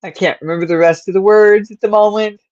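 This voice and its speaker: A woman's voice: medium pitch, steady tone, quick pace, a little mellow, dry recording, dull audio. A woman hosting a casual livestream, rambling to her viewers and her cat, with a stuffed-up nose and sleepy yawns. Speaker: livestream host.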